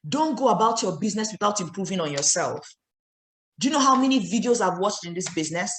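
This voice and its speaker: A woman's voice: medium pitch, reverberant. A woman with a Nigerian accent giving an emphatic motivational training talk as a network marketing trainer, scolding her listeners with rhetorical questions.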